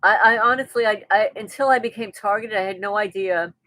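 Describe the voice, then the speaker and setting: Running a casual live stream, a woman reads out viewers' comments and responds conversationally at a brisk pace. Her middle-pitched voice comes through close and dry with no echo, and her chatty talk is full of restarts and soft laughter.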